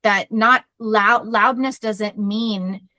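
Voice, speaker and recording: A woman therapist in casual podcast chat, loud and full of energy as she tells a story. Her voice sits at an ordinary middle pitch. The sound is dry and close, with almost no room echo. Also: steady tone, extremely slow.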